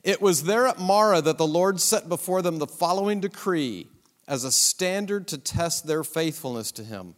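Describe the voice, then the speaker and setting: Brief: male Bible teacher, higher-pitched voice, emphatic and chatty, long reverb of a hall. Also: lively intonation, moderate pace. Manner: conversational, emphatic, with rhetorical questions and asides. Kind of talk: Bible survey lesson.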